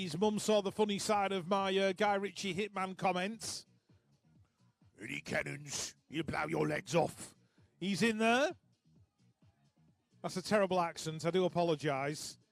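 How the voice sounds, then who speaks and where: High-voiced man calling races. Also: no echo. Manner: chatty, joking asides between race calls. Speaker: race commentator. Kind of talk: live sports commentary.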